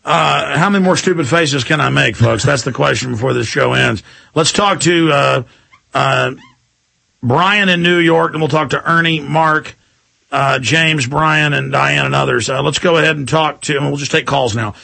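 A man's voice: fairly high pitch, moderate pace, vocal fry, pushed and bright. A middle-aged man hosting a talk radio show, rambling and emphatic, repeating himself and mimicking other voices. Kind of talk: heated talk radio commentary.

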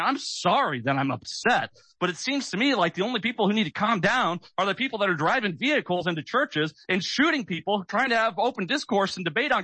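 Forceful, higher-voiced male talk radio host on a sarcastic rant, dry studio sound. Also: breathy edge, no room sound. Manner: agitated, sarcastic, keyed up.

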